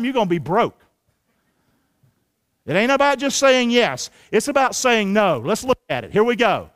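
Male pastor, high-pitched, energetic folksy preaching with call-and-response lines. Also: moderate pace. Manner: energetic preaching, calls for the congregation to repeat lines; colloquial, drops into folksy slang. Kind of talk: sermon. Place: church sanctuary.

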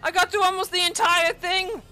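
A woman giving gameplay commentary, yelling and swearing at the game, with sarcastic asides between outbursts. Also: very high-pitched, steady tone, moderate pace, soft background music. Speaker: gaming channel host.

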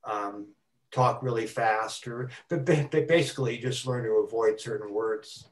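An older man giving a talk on a video call, speaking haltingly and repeating words as he stutters. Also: mid-range voice, roomy sound, far from the mic. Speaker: guest speaker.

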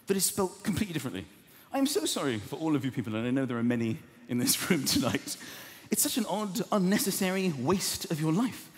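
A man in his thirties doing a stand-up comedy routine, acting out voices with big shouts and gasps. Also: on the high side, huge pitch swings, a little fast. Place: large theatre stage before a live audience. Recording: echoey theatre with long reverb and crowd noise.

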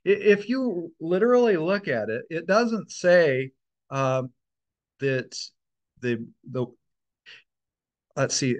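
A man's voice: a little high, low-quality recording. A man leading a church Bible study, teaching in an informal, conversational way with fillers and restarts.

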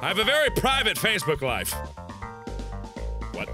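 A man in his twenties giving excitable, punny let's-play commentary with frequent yelps and laughs. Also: high-pitched, moderate pace, long pauses. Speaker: gaming YouTuber. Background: game music.

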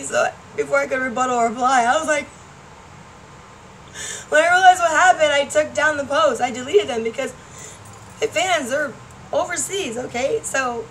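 A woman's voice: sits high, fairly bright tone, slight background noise, rough recording. A woman vlogger talking casually to the camera, rambling and laughing often. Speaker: vlogger and stage performer.

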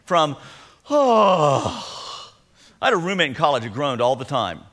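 A middle-aged man preaching a sermon as pastor in a conversational, animated way. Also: medium pitch, quick pace. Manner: conversational, acts out sighs and groans. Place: church sanctuary. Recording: long hall reverb.

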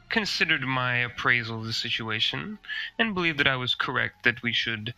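A man's voice: medium pitch, bright, forceful tone, poor audio. A man voicing a proud, sardonic male elf who speaks in a dry, formal and cutting way.

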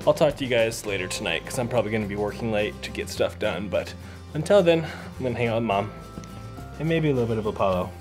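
A man's voice: on the low side, expressive, fast talker, over music. A young man vlogging at home, talking casually to his viewers about his evening with family. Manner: chatty, talks straight to camera, playful with dog and baby. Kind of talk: casual vlog chat. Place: home, indoors.

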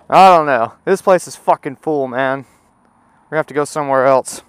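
A man riding a motorcycle and talking through a helmet mic, rambling and cursing, sometimes breaking into loud shouts. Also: mid-range voice, slight background noise. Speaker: motorcycle vlogger. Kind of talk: casual ride commentary. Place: on a motorcycle outdoors. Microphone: helmet Bluetooth mic while riding.

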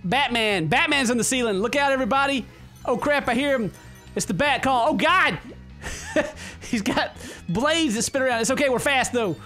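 A gaming YouTuber fires off excitable, sarcastic let's-play commentary, cursing freely in a bright, sharp, extremely high voice at a brisk clip. He's close-miked on a desk microphone, with faint game music behind him.

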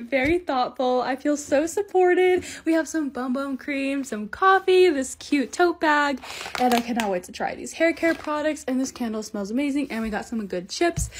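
A young woman narrating her own lifestyle vlog in a bubbly, excitable, casual way. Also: sits high. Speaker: lifestyle content creator.

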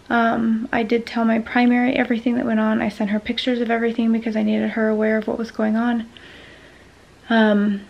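Woman vlogger, frustrated venting, gravelly fry, flat delivery, slightly dull audio. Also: on the high side. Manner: frustrated, venting, many ums. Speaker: vlogger sharing a medical experience. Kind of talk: casual talking-to-camera vlog.

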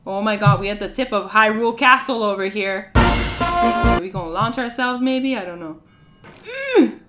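A young woman streamer giving excitable, exclamation-filled commentary while she plays a video game. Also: medium pitch, moderate pace, faint music behind. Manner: excitable, with frequent shrieks and exclamations. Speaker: gaming streamer. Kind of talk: reactive gameplay commentary.

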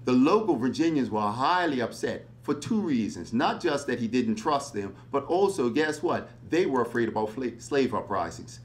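A male history lecturer speaking at a public talk in a mid-range voice. He is animated and conversational, often breaking in with rhetorical questions to keep his audience engaged. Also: medium pitch, moderate pace, hardly any pauses.

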